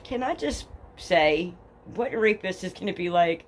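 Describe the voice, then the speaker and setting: A woman's voice: fairly low pitch, lively intonation, measured pace. A young woman with a New Jersey accent hosting a true crime podcast, reading case documents aloud and breaking off to mock them bluntly with lots of swearing. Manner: blunt, profane and sarcastic, reads case documents then mocks them. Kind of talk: casual true crime storytelling. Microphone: headphones with a home mic.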